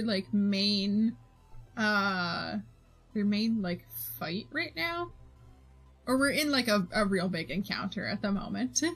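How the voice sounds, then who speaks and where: A woman's voice: on the high side, a bit bright. A young woman streamer chatting casually while she draws, recapping her tabletop game as game master in a rambling way full of fillers and laughs. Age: young adult.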